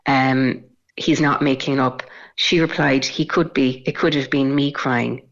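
A woman reporting live from a court case, her delivery level and even with a gravelly edge. She recounts events steadily and pauses on ums. The sound is dull and lo-fi. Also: a bass voice.

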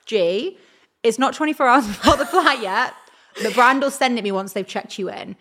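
A young woman, a talent agent, telling an animated story on a podcast. She acts out the quoted dialogue in her own voice and fills her sentences with "like." Her voice sits at a mid pitch. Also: fairly quick. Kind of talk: casual storytelling chat.

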